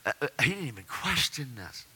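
A man giving an animated personal faith testimony, telling his story with excitement. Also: medium pitch, a little fast, slightly rough. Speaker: testimony speaker.

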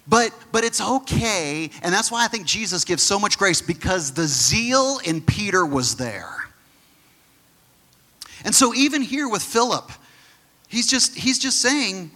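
Bright-voiced male pastor preaching. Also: high-pitched, lively intonation, moderate pace. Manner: conversational teaching with frequent restarts; acts out the quoted figures in his own voice. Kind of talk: sermon.

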